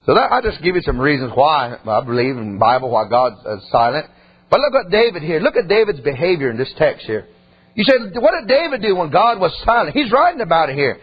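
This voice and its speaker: A man's voice: on the high side, sing-song, fast talker, slightly rough, dull audio. A male pastor preaching a sermon in a folksy, conversational way, often dropping in "man" and "amen".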